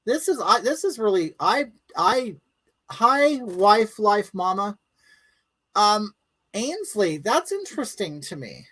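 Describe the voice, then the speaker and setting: A woman's voice: medium pitch, big pitch swings, slow, a bit bright, husky, poor audio. A woman hosting a live stream from home, chatting casually and bluntly with viewers and reading out their comments in a rambling, crude way.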